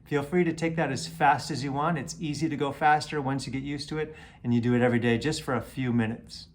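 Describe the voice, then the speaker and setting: A fast-talking guitar teacher explains an exercise in a casual lesson, counting beats aloud as he plays and loudly chanting "triplet" over his playing. His voice is medium-pitched with fairly even intonation. Guitar runs beneath the voice, along with a little hiss or hum.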